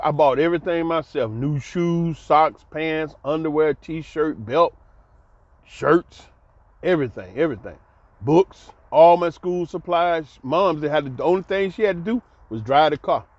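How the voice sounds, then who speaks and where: A middle-aged man recounts his own life with loud exclamations and frequent laughter. His voice sits high and leaps around with lively swings of pitch. The recording is dry and slightly muffled, like lo-fi audio. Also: no echo. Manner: exclamatory, laughs often, colloquial. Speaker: vlogger telling his life story. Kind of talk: animated personal storytelling.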